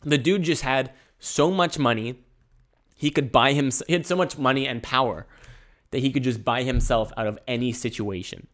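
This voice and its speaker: A man's voice: mid-range voice, moderate pace, fairly bright tone. A man hosting his own podcast, rambling and joking in a laid-back solo monologue. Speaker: podcast host.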